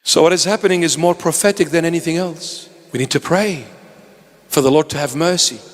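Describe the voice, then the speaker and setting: A man's voice: a little high, a little fast, big-room sound. A man preaching a sermon, pleading and impassioned, breaking into joking asides.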